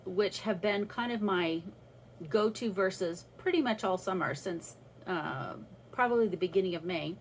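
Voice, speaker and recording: A woman's voice: medium pitch, unhurried, a little hiss or hum, poor audio. A woman talking through a personal faith reflection in a casual, earnest way, with restarts as she thinks aloud. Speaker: vlogger sharing a faith reflection.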